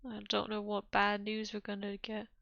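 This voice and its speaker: A woman's voice: mid-range voice, completely flat delivery, normal speed, gravelly, a bit bright, no room sound, dull audio. A European woman streaming a game, chatting casually, laughing often and reading chat aloud.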